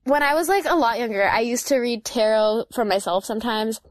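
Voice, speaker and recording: A young woman of about twenty, co-hosting a podcast in relaxed, thoughtful casual chat full of "like" fillers. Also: a little high, brisk, no room sound, studio quality. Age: young adult, about twenty. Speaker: podcast co-host.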